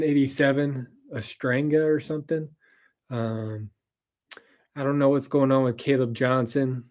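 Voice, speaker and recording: A man's voice: medium pitch, a little mellow. Brief: weary male host, loose rambling recap, blunt and profane, filler-heavy. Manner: rambling, frank, swears, frequent ums. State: tired, yawning. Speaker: podcast host. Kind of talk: casual sports recap monologue.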